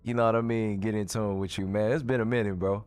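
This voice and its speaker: A man's voice: fairly low pitch, steady tone, fast, darkish tone, clear, resonant tone. A man hosting a casual gaming talk show, laid-back and slangy, reading out viewer comments. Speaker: host.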